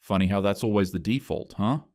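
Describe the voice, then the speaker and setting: A man's voice: on the low side, a little fast, darkish tone, no echo, clean studio sound, lightly acted. A man voicing a blunt, teasing adult brother in a scripted story, speaking matter-of-factly.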